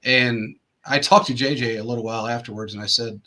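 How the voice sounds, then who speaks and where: Male host, casual storyteller, bright and raspy, meanders through anecdotes with lots of restarts. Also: medium pitch, steady tone, fairly quick. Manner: rambling anecdotes full of restarts and fillers. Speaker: show host.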